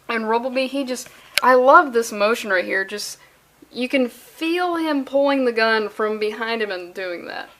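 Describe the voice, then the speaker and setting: Woman, sarcastic comedic comic-book review, profane riffing, fairly high voice. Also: fairly bright tone.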